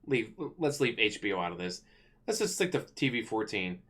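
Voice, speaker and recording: A man's voice: on the low side, big pitch swings, moderate pace, fairly bright tone, husky. Rambling man ranting casually. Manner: rambling, self-correcting, blunt with profanity. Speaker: channel host. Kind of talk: casual rant to camera.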